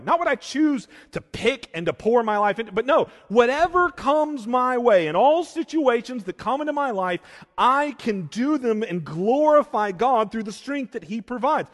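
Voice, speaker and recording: A man preaching a sermon as pastor, swinging between emphatic peaks and hushed, intense stretches. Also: extremely high pitch, in a large hall.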